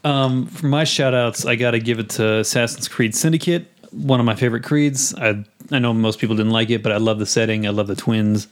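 A man chatting casually on a podcast about video games. He talks in a loose, rambling way and gets animated when he retells funny scenes. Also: medium pitch, brisk, few pauses. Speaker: podcast co-host. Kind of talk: casual game chat.

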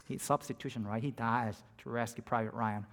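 Preacher swinging from hush to fervor. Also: male voice, medium pitch, steady tone, a little fast. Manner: dynamic, drops to near-whispers and rises to emphatic peaks. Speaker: pastor. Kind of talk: sermon.

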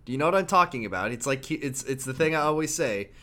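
Male co-host, casual game recap, animated delivery, ordinary mid-range voice. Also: mid-range voice, quick pace. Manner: animated, acts out character lines.

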